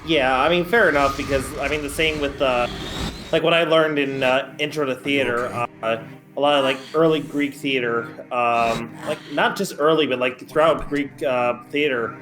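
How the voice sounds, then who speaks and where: A man co-hosting a game stream, talking in halting, hesitant phrases full of "uh" and "like" at a mid pitch. Game music plays clearly behind him. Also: steady tone, rough recording. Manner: halting, hesitant speech with many fillers. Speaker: co-host. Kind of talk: casual chat.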